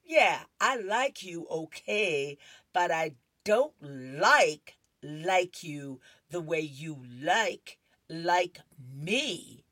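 Woman reading as a bashful comic-strip schoolboy, raised pitch, slow and embarrassed, dry close sound. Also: sing-song, fairly bright tone, no echo, heavily acted. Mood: flustered. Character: young schoolboy brushing off a crush.

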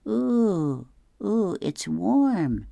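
A man voicing an excited, curious young boy in a comic strip, with a high squeaky voice. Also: very slow, creaky, no room sound, exaggerated voice.

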